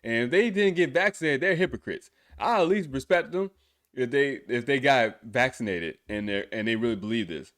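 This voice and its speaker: A podcast host reacts to a music video in casual, blunt, profane talk, frequently bursting into incredulous laughter. His medium-pitched voice is fairly bright with lively intonation at a moderate pace, recorded dry with clean studio sound.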